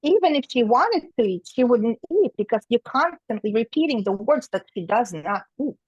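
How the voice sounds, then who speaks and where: A middle-aged woman with a fairly high voice tells a story in lively detail, acting out each voice along the way. Her opinions come across firmly. The sound is dull and muffled, with a dry, close feel. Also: moderate pace, slightly rough, no room sound. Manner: opinionated storytelling, acts out quoted dialogue. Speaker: author and guest. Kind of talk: conversational interview.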